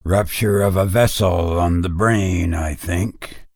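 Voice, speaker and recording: A man reading aloud, voicing a matter-of-fact country doctor in a low, clinical tone. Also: slow pace, dry recording, studio quality, exaggerated voice.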